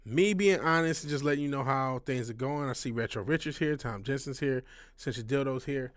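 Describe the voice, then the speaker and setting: A man's voice: medium pitch, brisk, no room sound, studio quality. Rambling, frank man chatting on a stream. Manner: rambling, frank, swears often, restarts a lot. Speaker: livestream host. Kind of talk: casual livestream chat.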